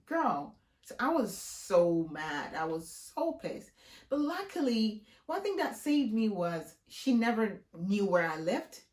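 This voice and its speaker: A woman vlogger telling a story in a casual, animated way, her voice jumping high when she is outraged. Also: roomy sound.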